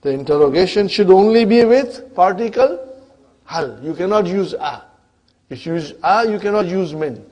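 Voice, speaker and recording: A man with a high, darkish voice and lively intonation speaks at a normal speed while teaching an Arabic grammar class. He keeps checking in with the students, asking "huh?" and "are you with me?", and often poses questions only to answer them himself in this classroom lecture.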